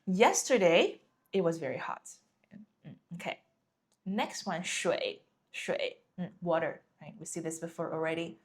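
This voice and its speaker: A woman's voice: fairly low pitch, animated, slow. A woman teaching a lesson in English, patiently repeating words and checking in with "right?". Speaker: Chinese teacher. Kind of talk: language lesson explaining vocabulary.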